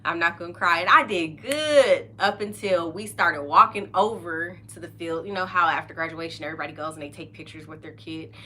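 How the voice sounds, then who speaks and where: Chatty middle-aged woman, bright tone. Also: on the low side, brisk, few pauses, a little hiss or hum. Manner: chatty and open, laughs often, trails off mid-sentence. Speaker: podcast host. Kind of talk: casual chat.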